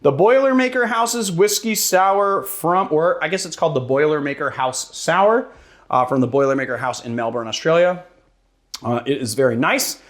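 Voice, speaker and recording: A man's voice: a little high, moderate pace, a bit bright. Casual joking male cocktail host. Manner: casual and joking, with fillers and curses. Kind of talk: casual cocktail demo and tasting.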